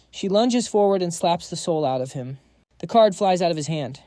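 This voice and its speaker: A man reading a scripted comic recap with brisk, slangy storytelling. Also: fairly high pitch, expressive, dark tone, no room sound, clean studio sound. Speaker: narrator.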